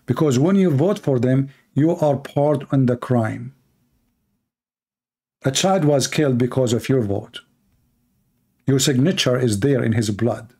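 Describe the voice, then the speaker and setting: A man's voice: mid-range voice, a little slow, long pauses, warm tone, husky. A man from the Middle East with an Arabic accent, preaching an emphatic sermon in short, repeated lines. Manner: emphatic, repetitive exhortation with short punchy lines. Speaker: Christian preacher. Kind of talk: fiery political sermon.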